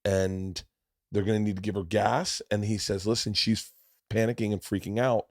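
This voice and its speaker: A middle-aged man hosting a podcast, telling a long story in a casual, profane way and swinging from loud to hushed. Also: on the low side, level tone, moderate pace, no echo, studio quality. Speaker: podcast host.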